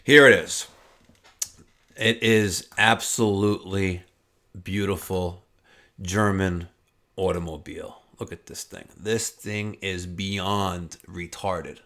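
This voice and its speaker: A man's voice: low voice, steady tone, slow pace, pushed and bright. A man hosting a car vlog, telling his story in a chatty, rambling way and repeating words as he goes. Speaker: car vlogger.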